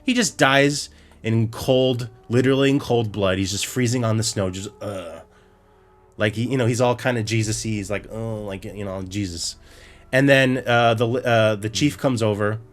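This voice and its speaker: A man's voice: mid-range voice, moderate pace, soft background music. A man co-hosting a podcast, recapping a show in a profane, exasperated rant full of restarts. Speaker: podcast co-host.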